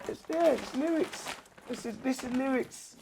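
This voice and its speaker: A man's voice: extremely high pitch, normal speed, gravelly, noisy background. A man chatting in a casual interview, slangy and repetitive, forever asking "you understand". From England. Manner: slangy street talk, repeats 'you understand'. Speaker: MC, guest.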